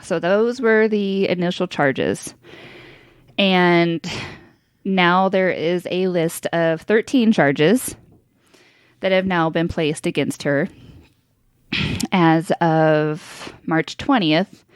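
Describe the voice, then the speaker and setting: A woman's voice: lowish voice, extremely slow, pauses often, clear, resonant tone, no echo. A woman in her thirties co-hosting a podcast, telling a story in casual chat, candid and swearing freely with frequent laughs. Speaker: podcast co-host.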